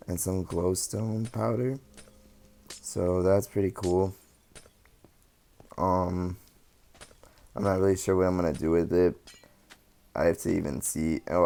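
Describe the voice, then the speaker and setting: Low flat-voiced young man narrating gameplay. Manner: relaxed and rambling, with many ums. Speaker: gaming channel host. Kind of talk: casual gameplay commentary.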